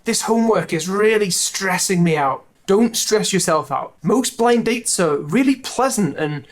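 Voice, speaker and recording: A teacher explains everyday English expressions straight to the camera. The delivery is clear and instructive, broken up by deadpan jokes and asides. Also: medium pitch, measured pace, faint music behind. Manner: dry, joking asides. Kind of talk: explaining a language lesson to camera.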